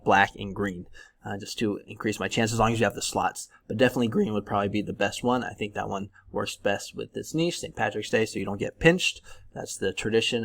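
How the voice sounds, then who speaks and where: A man from California talking through a casual screen-share tutorial, relaxed and chatty with plenty of ums and likes. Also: on the low side, creaky. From Northern California. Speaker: YouTube print-on-demand tutor.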